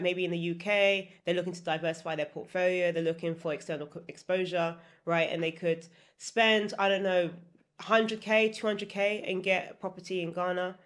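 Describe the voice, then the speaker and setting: A woman's voice: fairly low pitch, steady tone, moderate pace. A woman guest on a podcast interview, a property consultant who explains in lists and keeps checking in with "right?". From United Kingdom.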